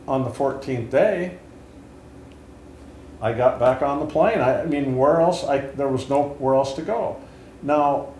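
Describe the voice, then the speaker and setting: An older man in his seventies recounts his own story with halting, earnest restarts. His voice sits at an everyday pitch and is captured in a roomy space with a faint hiss behind it. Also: a little mellow. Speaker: interview host and Vietnam veteran. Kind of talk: candid storytelling and interviewing.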